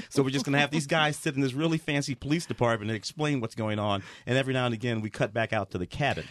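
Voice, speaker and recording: A man's voice: mid-range voice, fast, no room sound. A man reviewing a film on the radio with wry, sarcastic humor. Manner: wry, sarcastic, lively delivery. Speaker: film critic. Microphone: studio microphone.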